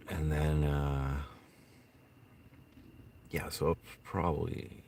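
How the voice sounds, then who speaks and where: A man with an extremely low voice chats loosely on a livestream from inside a tent. He mumbles, curses and talks half to himself. A faint hiss of noise sits under him. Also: darkish tone. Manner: mumbling, swearing, talks to himself while searching. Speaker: streamer. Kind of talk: casual livestream chat.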